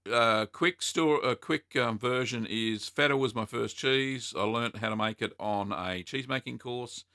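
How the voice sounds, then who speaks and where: A man's voice: mid-range voice, unhurried, creaky, sharp tone, no room sound, clean studio sound. A man with an Australian accent hosting a casual livestream, reading viewer comments aloud and answering them with plenty of ums and uhs. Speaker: livestream host answering cheesemaking questions.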